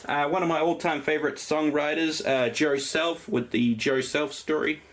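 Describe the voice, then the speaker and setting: Fairly high-pitched and fairly even in intonation, an Australian man at a moderate pace walks viewers through his vinyl collection in a casual vlog, rambling and filling gaps with ums and uhs as he lists records.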